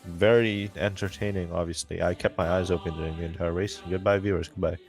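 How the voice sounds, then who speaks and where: A man's voice: deep voice, fairly even intonation, brisk, gravelly, faint music behind. A young man commentating a racing livestream and interviewing a driver, in a rambling, joking manner with many fillers and restarts. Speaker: race commentator and post-race interviewer.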